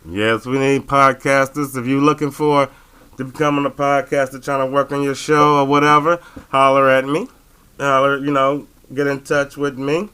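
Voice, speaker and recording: Man, radio host, casual monologue, bright tone, rambling, joking, mid pitch. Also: little pitch movement, moderate pace, clean tone. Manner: rambling, joking, many fillers and restarts.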